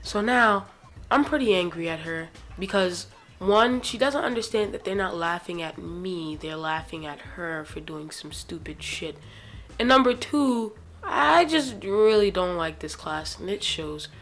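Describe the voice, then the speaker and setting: A woman's voice: fairly low pitch, animated, measured pace, fairly bright tone. A woman vlogger telling a story in a profane, sarcastic rant.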